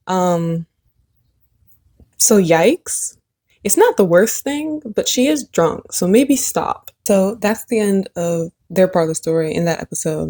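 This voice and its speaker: A young woman in casual commentary, recapping a drama in a chatty, animated way and briefly acting out the characters' lines. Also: on the low side. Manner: chatty and animated, acts out lines in quick impressions. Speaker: video essayist.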